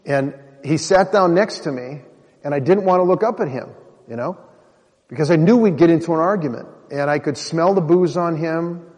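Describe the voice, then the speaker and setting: A man's voice: on the high side, normal speed, darkish tone. A man from Minnesota giving an earnest personal testimony to an audience, talking to the crowd directly. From Minnesota, USA. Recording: long hall reverb.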